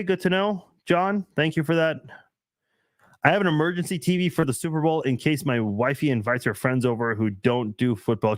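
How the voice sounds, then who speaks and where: Young guy doing a laid-back live stream, reading comments, kinda rambly, bit higher voice, dry close sound. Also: dry recording. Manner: chatty and rambling, self-mocking. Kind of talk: casual live chat, reading viewer comments.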